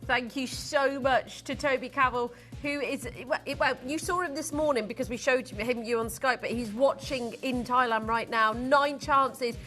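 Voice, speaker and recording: A woman presenting live TV shopping in a studio, upbeat and excitable as she counts down stock and greets viewers. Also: sits high, normal speed, few pauses, soft background music.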